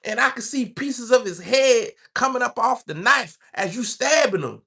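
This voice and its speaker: A man putting on a high, boastful inmate voice. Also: lively intonation, normal speed, bright, forceful tone, slightly rough, heavily acted. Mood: gleeful boasting. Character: brash male inmate gleefully recalling a stabbing.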